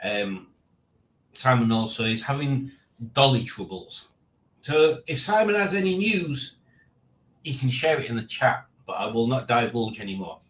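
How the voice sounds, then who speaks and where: A man's voice: mid-range voice, very animated, measured pace, a bit bright. A man in his late forties hosting a casual live stream, rambling and reading out chat with self-mocking asides. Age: 40s.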